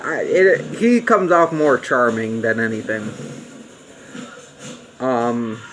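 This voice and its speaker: A young man giving a casual spoken movie review, rambling with many fillers and restarts and getting excited about what he likes. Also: medium pitch, a little hiss or hum.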